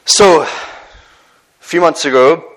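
A man's voice: on the high side, slow, fairly bright tone, low-quality recording. A man with a Northern Irish accent preaching a sermon in an earnest, conversational way, often restarting his phrases and telling personal stories.

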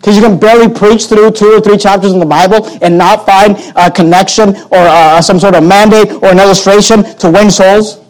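A male pastor with a notably high voice delivers a sermon. He drives his points home by repeating key phrases and reads scripture aloud in old-fashioned wording. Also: steady tone, fairly quick, few pauses, low-quality recording.

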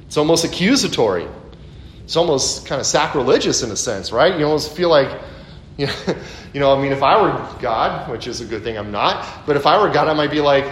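A man preaching a conversational expository sermon, full of asides and rhetorical questions. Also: moderate pace. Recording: echoey room, faint background rumble.

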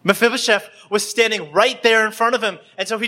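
Bright-voiced man preaching a sermon. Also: sits high, steady tone, brisk. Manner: acts out scenes with small shifts of voice, repeats words. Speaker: pastor.

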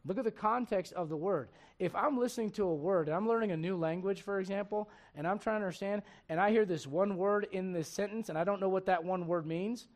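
A man with a high-pitched voice preaching a midweek Bible study sermon. He reads scripture aloud and climbs in pitch and volume when he drives a point home. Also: brisk, hardly any pauses. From raised in a Spanish-speaking home. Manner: animated, rising and loud on emphatic points, reads scripture aloud. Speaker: pastor.

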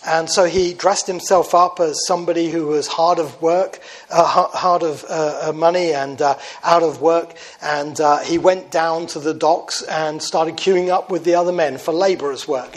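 Male preacher, fairly high voice, chatty storytelling, halting with fillers. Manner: conversational, many fillers and restarts, drops quiet for quoted lines. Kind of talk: sermon storytelling.

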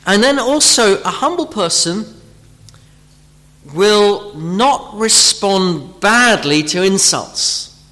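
A man preaching a sermon, often pausing and repeating words as he searches for phrasing, and acting out imagined speakers as he teaches. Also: high voice, expressive, pushed and bright. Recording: long hall reverb.

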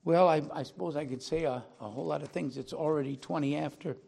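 An older man preaching a sermon, speaking slowly and earnestly, then leading a prayer. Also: on the high side, vocal fry, slight background noise. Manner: slow and earnest, rising to loud dramatic recitation. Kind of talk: sermon closing with a recited poem and prayer.

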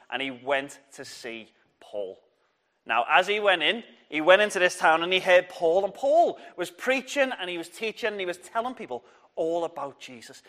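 A man telling a Bible story to children at church, lively and encouraging, getting the audience to shout along. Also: sits high. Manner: lively, encouraging, draws the crowd in.

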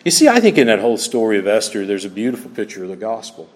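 Expressive male preacher with a lively delivery, recorded with long reverb in a church hall. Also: lowish voice, very fast. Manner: expressive preaching, acts out little scenes. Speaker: pastor. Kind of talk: sermon.

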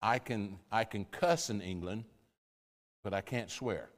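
A man's voice: on the low side, unhurried. An older American man, a missionary pastor, telling stories in a sermon style, rambling with many fillers and repeated words. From United States. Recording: long hall reverb.

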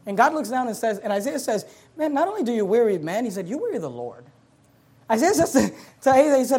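A man delivers a sermon from the pulpit, moving between measured scripture reading and fired-up exhortation. His voice climbs and shouts as he presses a point, then drops back to a conversational tone. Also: very high-pitched, big pitch swings, husky. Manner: preaching with rising, shouting emphasis; reads scripture in King James English. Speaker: pastor.

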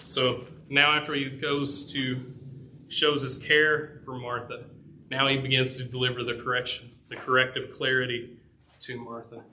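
A man preaching a sermon to a congregation, earnest and emphatic, rising in volume on key points and dropping low on others. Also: level tone, moderate pace, sharp tone, a little hiss or hum. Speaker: pastor.

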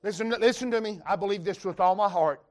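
A man's voice: high-pitched, fairly quick. A man with a Western North Carolina accent preaching a sermon in a folksy, emphatic way, reading scripture aloud to the congregation. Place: church revival service.

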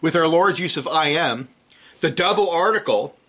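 A man preaching an expository sermon, reading scripture and explaining Greek words in a measured way. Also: a little high, a bit bright, slightly rough.

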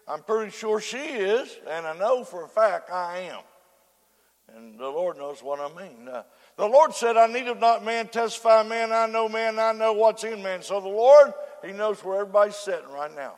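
An older man, preaching a sermon that moves from soft prayer to shouted preaching. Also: high voice, moderate pace. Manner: prays softly, then preaches in rising shouts. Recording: echoey hall with long reverb.

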